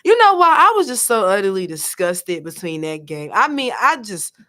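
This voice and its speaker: Woman co-host, lively swings in pitch, chatty and rambling. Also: normal speed. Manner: animated, chatty, restarts a lot. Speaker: podcast co-host. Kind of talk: casual chat.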